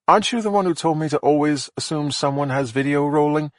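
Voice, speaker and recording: A man's voice: a little high, a little fast, dry recording, studio quality, pitched above the performer's own voice, lightly acted. A man voicing a blunt, exasperated female detective. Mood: teasing. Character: sharp-tongued female detective, older sister. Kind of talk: audiobook character voice.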